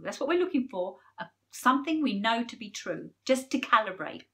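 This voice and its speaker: A woman giving a personal numerology forecast to camera, talking earnestly and openly emotional, with pauses. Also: on the high side, animated. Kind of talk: personal spiritual talk to camera.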